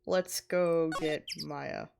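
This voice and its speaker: A woman's voice: low voice, steady tone, very slow, gravelly, background noise. A woman streamer giving casual let's-play commentary, offhand and prone to swearing.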